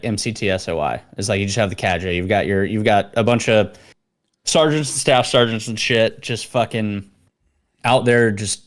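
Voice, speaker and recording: A man with a lowish voice trades crude, rambling barracks stories on a podcast, full of swearing and filler. He talks loosely and casually, like someone swapping war stories with a buddy. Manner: profane, storytelling, acts out quoted instructors in a louder voice. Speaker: podcast co-host. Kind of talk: casual chat.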